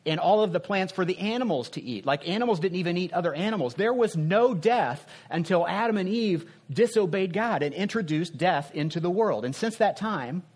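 A man preaching a sermon in a conversational way, asking rhetorical questions and dropping his voice softly to make a point. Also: high-pitched, animated, brisk, hardly any pauses. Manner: earnest, drops soft for emphasis.

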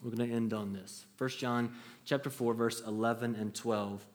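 Speaking at a normal speed with a steady, mid-range voice, a thirtysomething pastor delivers a sermon to a congregation. His manner is earnest and conversational, full of restarts, and he acts out quotes as he tells stories.

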